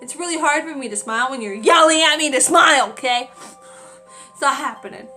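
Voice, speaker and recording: Twenties girl venting about retail work, high bright voice, lots of "like", bit of music behind. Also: brisk. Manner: chatty, exasperated, many "like" fillers. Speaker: retail worker. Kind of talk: casual storytime vlog.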